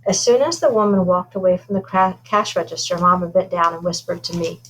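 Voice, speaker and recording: A woman reads a first-person children's novel aloud in an informal, unpolished way. She trips over words now and then and adds asides about her own slips. Her voice sits fairly low for a woman. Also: fairly even intonation, fairly quick, hardly any pauses, a bit bright, husky, poor audio. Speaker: reader.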